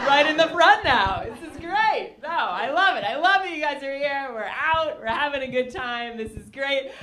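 A woman's voice: high voice, animated, normal speed, hardly any pauses, a loud crowd. A woman performing a stand-up comedy set on a club stage, bubbly and self-mocking. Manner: bubbly, self-mocking, acts out quoted voices. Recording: echoey club, loud audience laughter.

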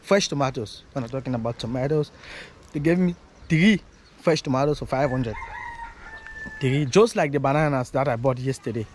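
A man chats to his handheld camera as he walks outdoors, circling back and repeating his points. His voice sits at a middle pitch and comes with clear outdoor noise behind it. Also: normal speed. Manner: rambling, repeats himself. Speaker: vlogger. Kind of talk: casual walking vlog. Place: outdoors on a street. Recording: noisy outdoor street recording.

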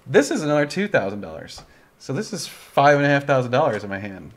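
A man's voice: mid-range voice, sing-song, quick pace. A young man hosting a casual livestream chat, tired and yawning, rambling and laughing often. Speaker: livestream host.

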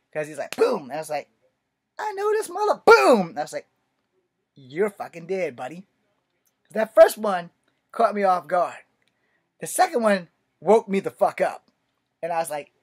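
A man in his late forties telling a story and ranting about martial arts training, blunt and full of swearing, dropping to low mutters and then bursting out loud. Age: 40s. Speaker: martial arts video maker. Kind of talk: profane storytelling rant.

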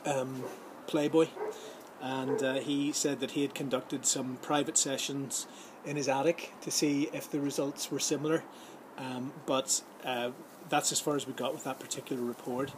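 A man's voice: medium pitch, flat delivery, moderate pace. A man hosting a vlog, talking casually and jokily to camera with a rambling, filler-heavy delivery. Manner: chatty and jokey, many fillers and restarts. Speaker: vlog host giving film and voiceover tips. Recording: clear background ambience noise.

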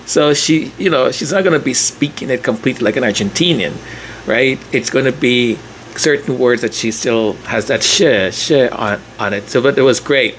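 A man's voice: mid-range voice, moderate pace, a bit bright, slight background noise. A man hosting a commentary vlog, talking casually and chattily, leaning on "like" and restarting his sentences. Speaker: commentary channel host.

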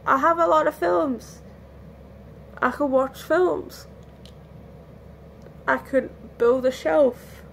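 A woman talks slowly and loosely from home in a casual vlog, worn out and given to restarts. Her fairly high voice has a gravelly edge, with a faint hiss underneath. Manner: rambling, candid, restarts often. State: tired, yawning. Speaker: vlogger. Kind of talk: casual lockdown vlog chat.

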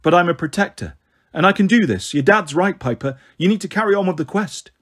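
A man reading the part of a gruff, proud male satyr coach, blunt and husky. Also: high-pitched, animated, fairly quick, a bit bright, exaggerated voice.

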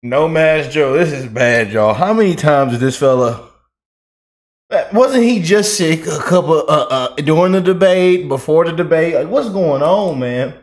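A man's voice: fairly high pitch, lively intonation, measured pace. A man giving casual political reaction commentary, chatty and loose, laughing often and repeating himself.

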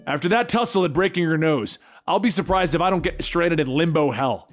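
A man voicing a brash, sarcastic male mercenary antihero in a comic book story, with whiny, loud outbursts. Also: a little high, animated, brisk, soft background music, lightly acted. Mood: whiny mocking.

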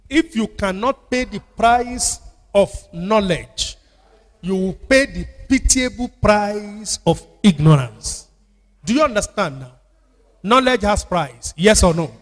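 Nigerian man, pastor, sermon, repeats lines, asks congregation, reverberant hall. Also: high voice. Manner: call-and-response preaching with repetition. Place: church. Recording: church hall with long reverb.

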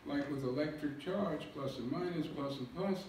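A man's voice: a little high, moderate pace, darkish tone. A man gives a public lecture, explaining slides with self-deprecating jokes. His voice carries a heavy hall echo and sounds like it was caught from a distance. A faint hiss sits underneath it. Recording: echoey hall recording from far off.

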